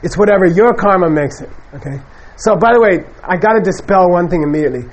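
Male Buddhist teacher, higher pitched, loose and animated lecture delivery. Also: fast, low-quality recording. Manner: conversational, animated, acts out quoted people. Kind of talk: casual spoken dharma lecture.

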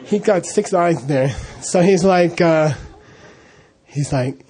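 A man's voice: on the high side, takes it slowly, darkish tone, slightly rough. A middle-aged man casually telling an anecdote, laughing often and acting out the dialogue. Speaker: storyteller recalling monastery life.

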